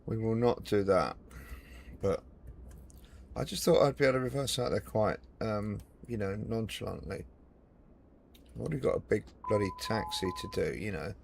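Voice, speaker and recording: Game streamer, man, gravelly low voice, grumbling casual commentary, faint room noise. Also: animated, normal speed, long pauses. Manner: frustrated muttering, talks to the plane. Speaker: flight sim streamer.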